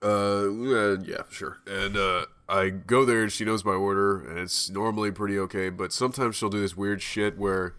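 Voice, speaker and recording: A young man co-hosting a podcast, telling a story in a rambling, animated way with plenty of swearing. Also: fairly low pitch, moderate pace, hardly any pauses, smooth. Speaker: podcast co-host. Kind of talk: casual chat.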